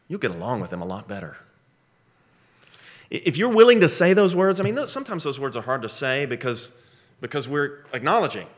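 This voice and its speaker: A middle-aged man preaching a sermon, emphatic, slowing down for dramatic weight and repeating key phrases. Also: mid-range voice, lively intonation. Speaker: pastor.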